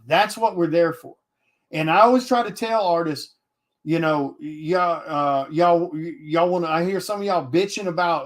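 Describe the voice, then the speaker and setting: An indie comic artist talks bluntly to viewers on a casual livestream, his voice a bit higher than most men's at a moderate pace. Animated and swearing freely, he keeps restarting sentences as he presses his point.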